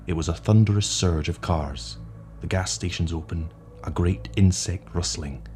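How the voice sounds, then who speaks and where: A man narrating a short story in a measured, atmospheric way. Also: low-pitched.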